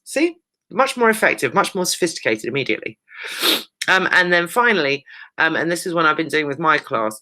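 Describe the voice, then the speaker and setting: A woman teaching a recorded English revision lesson, brisk and emphatic, checking in with her pupils and teasing them now and then. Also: deep voice, big pitch swings, bright, forceful tone. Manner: playful, teasing asides to pupils. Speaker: secondary school English teacher.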